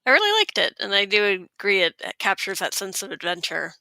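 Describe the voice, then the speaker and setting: Gravelly bright woman on a podcast. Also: medium pitch, sing-song, fairly quick, dry recording, low-quality recording. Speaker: podcast panelist. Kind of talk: casual game discussion.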